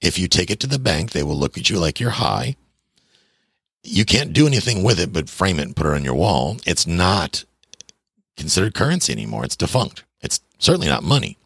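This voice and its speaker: A man with a gravelly voice, ranting to viewers about money in a blunt, sarcastic way with folksy slang. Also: low-pitched, very animated, fairly quick, fairly bright tone, no room sound, studio quality. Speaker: veteran talking about money. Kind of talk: casual rant to viewers.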